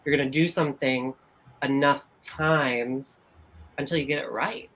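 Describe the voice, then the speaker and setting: An interview host and hair colorist who speaks slowly, gives brief reactions and reads out shout-outs to viewers. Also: mid-range voice, poor audio. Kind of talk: livestream interview.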